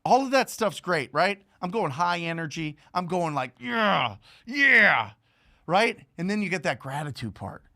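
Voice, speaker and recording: Energetic man giving a motivational talk. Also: on the high side, moderate pace, few pauses. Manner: energetic, repetitive, rhetorical. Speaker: host.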